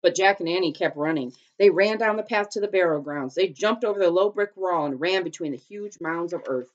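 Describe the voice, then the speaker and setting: Teacher lady reading a chapter book aloud, pretty low voice, careful, trips on a word now and then. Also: fairly quick, dull audio. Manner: steady, careful reading with small slips. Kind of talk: storybook read-aloud.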